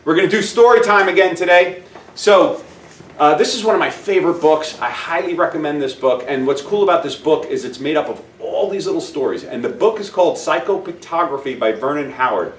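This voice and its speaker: A man's voice: fairly high pitch, lively intonation, brisk, slight background noise. Man, self-help host, upbeat storytelling, encouraging, echoey room, faint background ambience. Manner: upbeat, encouraging, talks straight to the viewer. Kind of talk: storytelling with a motivational message. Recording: roomy sound, distant mic, faint ambience.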